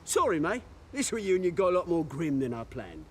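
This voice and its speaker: A scheming British gang leader. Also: male voice, on the high side, very animated, moderate pace, a little hiss or hum. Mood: bitter. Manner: theatrical, menacing, swings from shouting to hushed. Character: bitter scheming young male gang leader. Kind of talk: video game cutscene acting. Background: game music.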